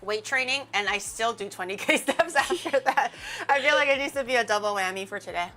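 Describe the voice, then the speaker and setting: A woman's voice: on the high side, animated, fairly quick, sharp tone. A woman streamer hosting a casual cooking stream, chatty and swearing freely as she eats with a guest. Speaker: streamer host. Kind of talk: casual chat while eating on stream.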